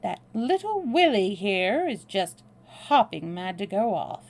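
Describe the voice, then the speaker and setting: Storybook tough guy: woman reading a cool, drawling American man with a gravelly edge. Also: medium pitch, very animated, slow, exaggerated voice. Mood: menacing. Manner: drawling, dry and threatening. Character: brash, blunt young American man, cool under pressure. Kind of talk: read-aloud novel dialogue.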